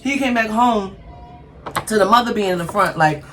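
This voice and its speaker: A woman's voice: medium pitch, moderate pace, a bit bright, low-quality recording. A woman hosting an eating show, talking casually and emphatically straight to her viewers. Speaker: mukbang host. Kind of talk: casual chat while eating. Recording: faint background noise.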